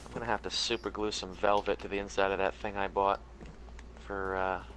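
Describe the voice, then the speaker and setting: A man chatting excitedly on a gaming stream who laughs a lot while he plays. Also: low voice, fairly quick, a little hiss or hum, poor audio. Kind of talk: casual gaming stream chat.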